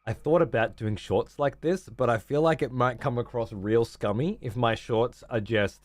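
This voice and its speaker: A man's voice: medium pitch, normal speed, no room sound. A man with an Australian accent, hosting a stream in casual, profane chat and laughing often. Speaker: streamer host.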